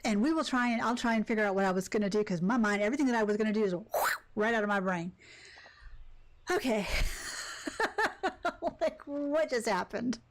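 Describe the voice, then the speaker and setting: A woman live-streaming a cozy game, chatting casually and rambling with quick asides about her day. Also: medium pitch. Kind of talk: casual live-stream chat while gaming.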